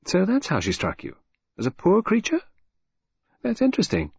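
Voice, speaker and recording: A man voicing a sharp-tongued, vehement wife. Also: medium pitch, very animated, husky, no echo, voice pushed up. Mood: musing. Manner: quick, vehement, ironic. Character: sharp-tongued, restless middle-aged wife. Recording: dull, dry lo-fi recording.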